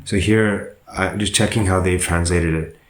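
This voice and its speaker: A monk teaching a Pāli grammar lesson, working through sentences slowly and methodically and pausing to correct himself. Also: male voice, deep voice, fairly even intonation, roomy sound, poor audio.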